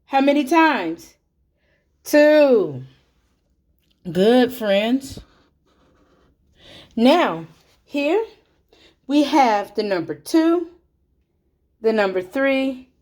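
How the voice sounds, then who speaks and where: A woman teaching little children, her voice set fairly high and moving up and down a lot. She talks very slowly and deliberately, drawing out each name and number so the kids can follow. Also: a little mellow. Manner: slow and deliberate, counting and clapping out names for small children. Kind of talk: slow, clear teaching to young children.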